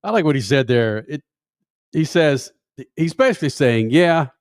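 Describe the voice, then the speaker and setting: Loud-mouthed guy hosting a sports radio show, cusses, dry studio sound. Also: mid-range voice, very animated, moderate pace, no room sound. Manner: brash, flippant, swears freely. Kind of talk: casual sports talk show.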